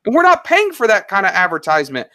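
A man talking casually as an interview guest, animated and slangy, telling stories about his business. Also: sits high, fast talker, dry recording, clean studio sound. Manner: animated, story-driven, slangy. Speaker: guest, online seller.

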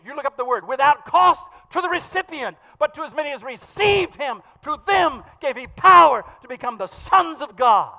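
A fast, fervent male preacher delivering a sermon with a high, bright, pressing voice. His words ring out with a long hall reverb behind them.

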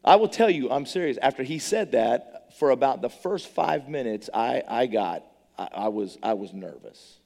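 A middle-aged man preaching a testimony sermon, an animated storyteller who stammers and repeats words. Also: medium pitch, normal speed, gravelly. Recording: long reverb of a large hall.

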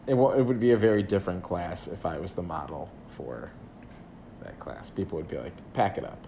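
Deep-voiced joking man chatting. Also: a little fast, slight background noise. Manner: wry, joking, animated. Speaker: podcast co-host. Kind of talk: casual chat.

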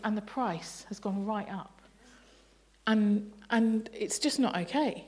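A woman's voice: medium pitch, slow pace, darkish tone. A woman leading an interactive family sermon in church, playful and laughing as she asks the congregation questions. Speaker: bible study leader. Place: church service.

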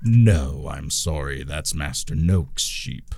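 A man voicing a small male gnome henchman with an oddly deep, slick and quietly menacing voice. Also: expressive, slow pace, creaky, slight background noise, heavily acted. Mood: smug.

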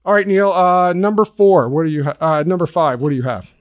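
Brief: middle-aged male podcast co-host, high voice, dry close mic, upbeat and joking. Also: lively intonation, no room sound. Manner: upbeat, joking, quick asides. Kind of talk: casual chat.

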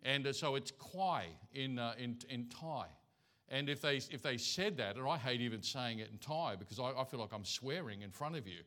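A man's voice: mid-range voice, normal speed, bright, forceful tone. A male pastor giving a conversational sermon in church, telling folksy stories and anecdotes.

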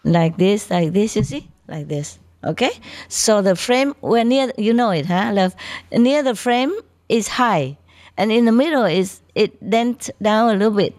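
A woman's voice: mid-range voice, animated, measured pace, a little mellow, no echo. A woman spiritual teacher telling chatty stories to her disciples, laughing often and showing things with her hands. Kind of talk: casual storytelling talk to disciples.

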